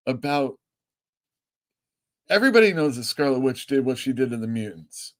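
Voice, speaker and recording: Very animated and medium-pitched, a male comic store owner chats freely as host of a live stream. He's rambling and chatty, cursing without restraint and breaking into quick laughs.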